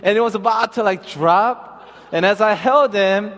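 A man's voice: high-pitched, a little slow, a bit bright. A man preaching a sermon, telling a personal story and then reading scripture, with a hesitant, filler-heavy way of talking. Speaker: pastor. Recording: long reverb of a large hall.

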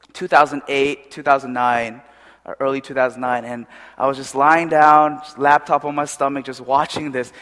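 A man preaching a sermon in a conversational, animated way, with restarts and asides. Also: mid-range voice, in a large hall.

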